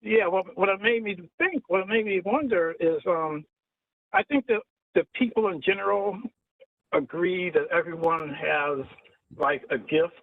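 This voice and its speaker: A man's voice: high-pitched, a little slow, no echo. A man in an open mic video call who asks a long, thoughtful question, rambling and restarting often. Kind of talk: casual chat on a video call. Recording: tinny dry phone-like call audio.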